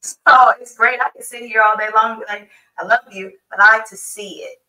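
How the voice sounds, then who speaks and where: American woman, podcast guest, casual chat, playful, bright tone. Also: a little high, flat delivery, a little fast, recorded from a distance, rough recording. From United States. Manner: playful, warm-hearted, laughs easily.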